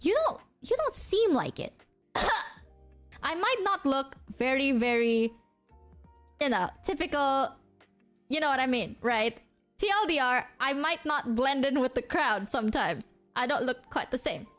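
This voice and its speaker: A woman's voice: high-pitched, a little slow, soft background music. A woman from Indonesia, a streamer, casually telling a story to her chat and acting out the people in it. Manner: animated, acts out quoted people.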